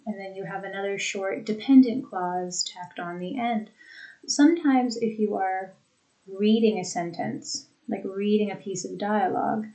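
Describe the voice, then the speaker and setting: A young woman teacher reviewing a class lesson, speaking deliberately and demonstrating example sentences. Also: medium pitch, darkish tone, rough recording. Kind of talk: lecture recap for students.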